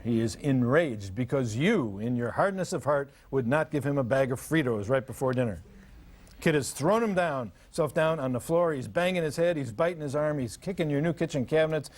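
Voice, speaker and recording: An older man gives a live parenting seminar to an audience in a mid-range, darkish-toned voice. He tells humorous stories and acts out parents and children.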